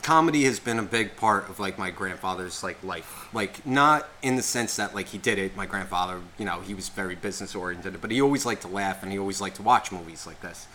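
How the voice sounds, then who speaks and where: A man in his thirties, a podcast co-host, telling a long rambling story in casual chat, swearing a lot and filling every pause with "like.". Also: low-pitched, pushed and bright, slight background noise. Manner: rambling, heavy profanity, constant "like" fillers.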